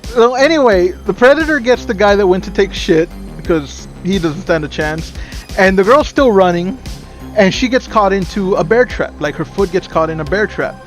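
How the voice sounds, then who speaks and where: A man co-hosting a podcast, recounting a film's scenes in casual chat, animated and swearing freely. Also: high voice, moderate pace, soft background music. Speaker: podcast co-host.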